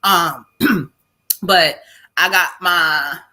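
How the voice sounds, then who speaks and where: A middle-aged woman hosts a live stream as a psychic medium, loud and casual, with lots of exclamations and laughter. Her voice is lowish and she speaks very slowly.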